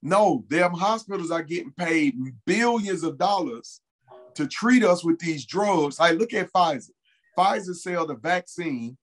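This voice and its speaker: A man's voice: sits high, animated, a little slow, poor audio. A man as an interview guest, telling a personal story in a casual, earnest way and repeating key phrases for emphasis.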